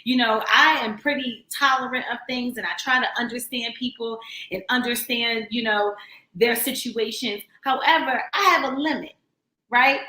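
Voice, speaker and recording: A woman's voice: fairly high pitch, fairly even intonation, normal speed, sharp tone, echoey room. A woman in her thirties hosting a radio show, speaking in an earnest, encouraging, conversational way about faith. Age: 30s. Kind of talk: heartfelt faith talk.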